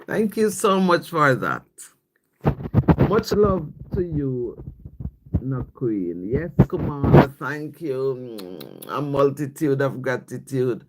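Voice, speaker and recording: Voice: mid-range voice, big pitch swings, heavy background noise. A livestream host speaking in a casual devotional chat, reading scripture and viewer comments aloud and often checking in with "yes?". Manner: slow, repeats "yes?" after each thought, thanks viewers by name.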